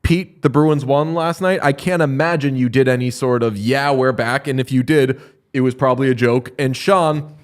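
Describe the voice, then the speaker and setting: A man co-hosting a hockey podcast, telling stories in a joking, animated way. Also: mid-range voice, normal speed, clean tone. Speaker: podcast co-host. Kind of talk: casual hockey chat.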